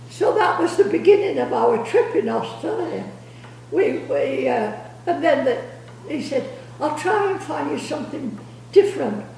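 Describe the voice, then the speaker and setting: Older grandma rambling through old stories, high and gravelly, far off in an echoey room. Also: female voice, darkish tone, slight background noise. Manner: rambling, repeats words, laughs through stories. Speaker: grandmother telling family stories. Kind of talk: casual storytelling. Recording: echoey room, distant mic.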